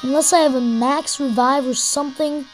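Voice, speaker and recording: High-voiced woman grumbling through gameplay. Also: steady tone, moderate pace, faint music behind. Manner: exasperated, swearing at the game. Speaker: let's play gamer. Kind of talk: gameplay commentary.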